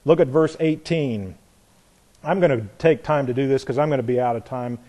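A man preaching a verse-by-verse Bible sermon, animated, acting out the voices in the stories and chuckling at his own points. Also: mid-range voice, moderate pace.

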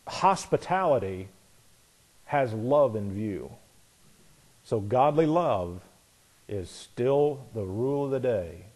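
A man's voice: mid-range voice, a little mellow. Man teaching a conversational sermon. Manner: teaching, spells out words letter by letter; conversational preaching with restarts. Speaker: pastor.

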